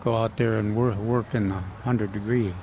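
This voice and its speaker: A man co-hosting a casual gardening radio chat, talking haltingly with many fillers and restarts. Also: fairly low pitch, fairly even intonation, a little mellow. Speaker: gardening show co-host. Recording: outdoor nursery with faint noise.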